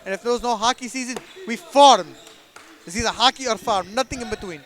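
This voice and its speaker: A man's voice: very high-pitched, a little fast. A young man putting on a Russian farmer. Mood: deadpan boasting. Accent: put-on Russian. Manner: deadpan, broken grammar. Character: Russian farmer cousin, adult man, boastful. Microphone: headphones and headset mic.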